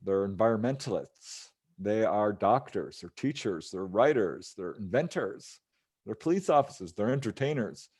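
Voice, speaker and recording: A man's voice: lowish voice, lively intonation, normal speed, a little mellow, husky. A man, a ufologist guest, recounting a case in casual interview talk, voicing the people he quotes and chuckling as he goes. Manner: recounts cases, acting out quoted voices with chuckles.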